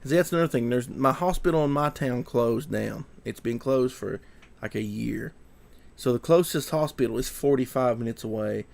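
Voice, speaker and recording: A man's voice: medium pitch, moderate pace, creaky, darkish tone. A young man telling a story to camera, rambling and repeating himself and sounding shaken. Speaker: vlogger.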